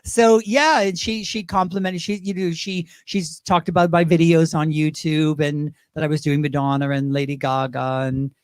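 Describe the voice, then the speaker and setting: A man's voice: fairly high pitch, normal speed, hardly any pauses, clear, resonant tone, dry recording. Chatty male drag performer, dry sound. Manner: chatty storyteller, lively, slips into voices. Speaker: drag performer and impersonator, guest. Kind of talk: casual interview chat.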